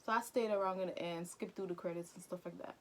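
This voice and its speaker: A woman vlogger casually retelling an anime film, chatty and slangy with quick asides to her viewers. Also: lowish voice, steady tone. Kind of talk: casual movie recap commentary.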